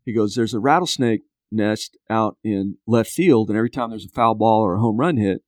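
Fifties guy guest on a podcast, lowish voice, tells a story and does all the characters' lines, dry sound. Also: fairly quick, no room sound. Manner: animated storyteller who acts out quotes. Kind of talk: casual storytelling.

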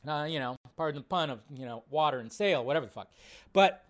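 A man hosting a live movie-news show, talking in a casual, animated way and swearing often. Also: a little high, fast. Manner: animated, profane, excitable. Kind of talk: casual live-stream commentary.

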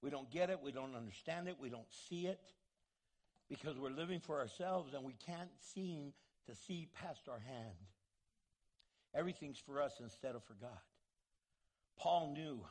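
A man's voice: mid-range voice, moderate pace. A man preaching a sermon, emphatic and full of repeated rhetorical questions.

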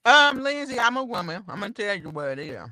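A woman's voice: medium pitch, big pitch swings, quick pace, bright, forceful tone, no echo. A woman co-hosting a podcast in a playful, teasing way, drawing out her words for effect. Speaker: podcast co-host. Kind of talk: casual chat.

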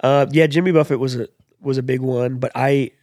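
A man's voice: medium pitch, fairly even intonation, brisk, a little mellow, no echo, clean studio sound. A young man hosting a podcast in casual chat, rambling with lots of fillers and jokes. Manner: rambling, filler-heavy, joking. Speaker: podcast host.

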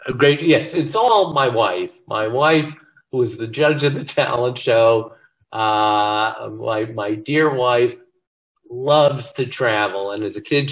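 A man's voice: fairly low pitch, a bit bright, low-quality recording. An older man, a comedy writer as an interview guest, telling self-deprecating stories in casual chat. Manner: self-deprecating, joking storyteller.

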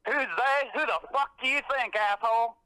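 A man's voice: very high-pitched, normal speed, sharp tone, clear, resonant tone, dry recording, rough recording. A man calling in to a podcast, aggressive and threatening, cursing constantly. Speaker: angry caller. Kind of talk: profane phone rant.

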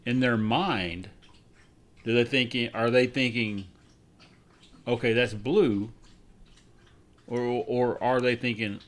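A man co-hosts a casual podcast chat, his voice at an ordinary middle pitch. He is relaxed and wry, working through his thoughts out loud as he talks. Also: measured pace. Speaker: podcast co-host.

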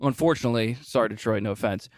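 Male co-host, casual review chat, animated storyteller who slips into voices, medium pitch, dead-dry room. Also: racing, no room sound. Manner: animated storytelling, acts out scenes in put-on voices. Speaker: co-host of a movie review show.

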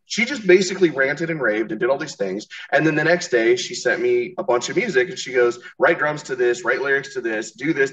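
A man's voice: mid-range voice, a bit bright, distant mic. A man talking loosely on a podcast, circling his point with restarts and swearing. He sits a little back from the microphone, and the sound is dull and lo-fi. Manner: rambling, profane, restarts often. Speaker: podcast host. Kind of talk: casual interview chat.

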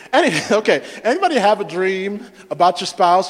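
A man's voice: high voice, sing-song, fairly quick, hardly any pauses, in a large hall. A male pastor preaching a sermon, asking the congregation questions and repeating words as he builds each point.

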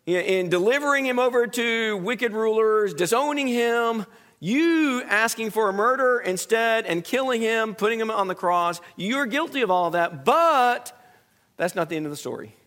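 High-voiced man teaching a Bible class. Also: fairly bright tone. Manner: conversational, asks the class questions, frequent restarts. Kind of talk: Bible study lesson.

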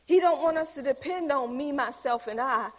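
An older woman, preaching a sermon as lively storytelling, acting out the voices she quotes. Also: sits high, normal speed. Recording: echoey hall.

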